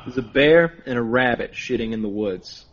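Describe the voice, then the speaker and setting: A man chatting animatedly with friends, talking in fits and restarts. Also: medium pitch. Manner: animated, halting with restarts and fillers. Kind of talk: casual chat among friends. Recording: dull lo-fi recording.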